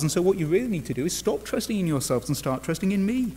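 A man's voice: on the high side, lively intonation, fast talker, few pauses, darkish tone, in a large hall. A man from England with an English accent, preaching an earnest sermon with wry asides and frequent "uh" fillers. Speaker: pastor.

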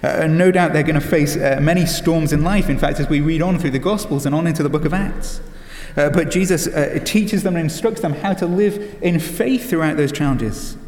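A man's voice: fairly high pitch, normal speed, few pauses, a little mellow. A man preaching a sermon in an earnest way, with many "uh" fillers and rhetorical questions. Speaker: pastor. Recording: echoey hall with long reverb.

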